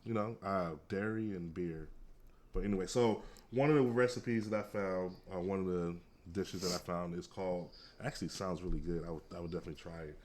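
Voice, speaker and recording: A man's voice: deep voice, fairly even intonation, a little fast, darkish tone. A man co-hosting a casual food podcast, easygoing and rambling, with lots of fillers. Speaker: podcast co-host.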